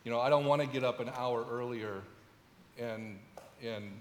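A middle-aged man at a church service, talking haltingly with frequent fillers and restarts. His voice is mid-pitched and rings through a large hall with a long, roomy reverb. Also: a little hiss or hum. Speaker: church member giving testimony.

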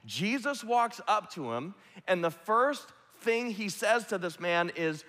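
A man's voice: sits high, animated, takes it slowly, few pauses, sharp tone. A man preaching a sermon, retelling a story earnestly and vividly. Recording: long hall reverb.

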